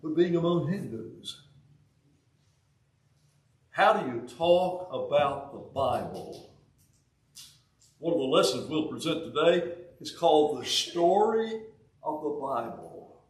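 A man in his eighties with a Southern US accent, from Alabama, preaching a sermon in a folksy way with joking asides and halting restarts. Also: on the high side, big pitch swings. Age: 80s. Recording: roomy sound, from a distance.

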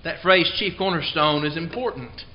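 A man's voice: fairly high pitch, normal speed, lo-fi sound, slight background noise. A man preaching a Sunday sermon, hammering home key words with strong emphasis. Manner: tells a joke before the lesson.

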